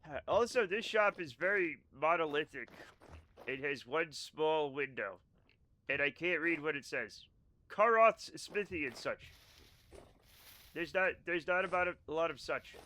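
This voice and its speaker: Bright-voiced young man streaming a game. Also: on the high side, expressive, moderate pace. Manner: sarcastic, swears, exclaims at chat. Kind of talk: casual chat reading live chat while gaming.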